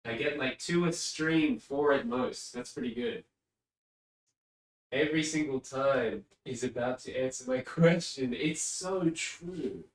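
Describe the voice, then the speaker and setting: This man from England has a mid-range voice and talks a little slowly in a casual live-stream chat. Rambling and easily sidetracked, he frequently speaks from a distance to his desk microphone, leaving a roomy echo on the recording.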